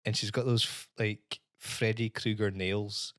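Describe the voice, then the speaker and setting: A man's voice: lowish voice, level tone, a little slow, fairly bright tone, no room sound, studio quality. A man, co-hosting a casual podcast and animatedly telling a story, acting out the dialogue and swearing casually. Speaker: podcast co-host. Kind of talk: casual chat, anecdote telling.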